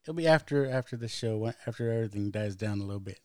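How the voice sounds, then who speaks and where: A man's voice: fairly low pitch, lively intonation, fast, warm tone, no echo, clean studio sound. A man hosting a podcast interview, easygoing and casual, with frequent hesitant ums between his questions. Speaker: podcast host.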